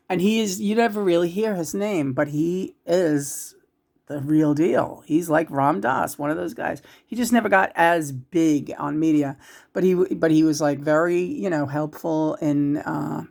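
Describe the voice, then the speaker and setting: A woman talking casually as a psychic channeler about spirits. She rambles, restarts often and swings between loud and hushed. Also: low-pitched, gravelly.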